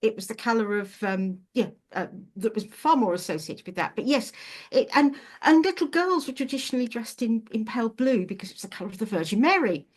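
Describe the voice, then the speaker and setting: A woman's voice: a little high, big pitch swings, fairly quick. A woman guest chatting casually in an interview as a witch and author, searching for words as she goes.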